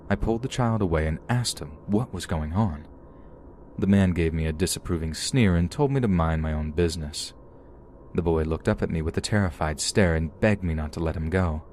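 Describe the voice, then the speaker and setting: A man reading a first-person true horror story aloud as a podcast narrator, in a steady, measured manner. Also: low voice, slight background noise.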